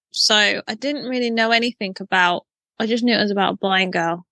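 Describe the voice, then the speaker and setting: A woman's voice: medium pitch, vocal fry, pushed and bright, dry recording. A woman co-hosting a podcast, talking in a hesitant, rambling way during casual review chat. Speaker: podcast co-host.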